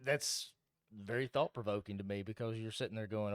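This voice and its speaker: A man's voice: lowish voice, brisk, no echo, clean studio sound. A man co-hosting a casual podcast chat, telling a story in a laid-back, plain way. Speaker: podcast co-host.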